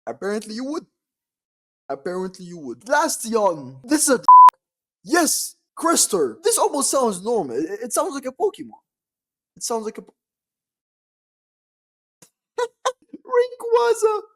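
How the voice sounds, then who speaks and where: A young man chatting casually as a vlogger, excitable and slangy, often breaking into laughter. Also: high-pitched, moderate pace. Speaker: quiz vlogger. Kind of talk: casual chat.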